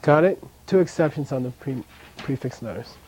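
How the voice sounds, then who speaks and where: A man's voice: medium pitch, lively intonation, moderate pace, darkish tone, breathy edge, rough recording. A man teaching a language class, patiently repeating sounds for his students and chuckling now and then as he explains. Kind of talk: classroom lesson with drills.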